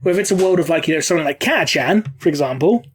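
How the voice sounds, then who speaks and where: Rambling, swearing podcast host. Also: male voice, on the high side, animated, racing, a little hiss or hum. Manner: rambling, swears freely, many "you know" fillers. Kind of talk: casual podcast chat.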